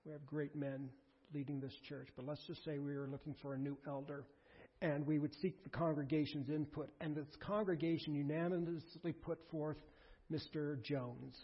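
A man's voice: on the high side, steady tone, normal speed, husky. Earnest male pastor in an echoing church. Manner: earnest, pleading, with restarts. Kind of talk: sermon. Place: church sanctuary. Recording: muffled sound with a long hall echo.

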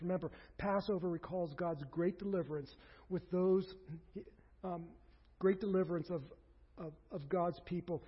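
Husky high-voiced preacher. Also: male voice, long reverb tail, muffled recording. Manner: earnest, acts out quoted speech with rising emphasis. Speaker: pastor. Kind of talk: sermon.

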